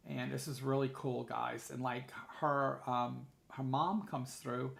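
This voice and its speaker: A man's voice: mid-range voice, steady tone, slow pace, gravelly, reverberant. A man hosting a live podcast, chatting casually and telling stories with lots of restarts. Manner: chatty storytelling with many restarts. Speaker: podcast host and medium. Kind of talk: casual live-stream chat.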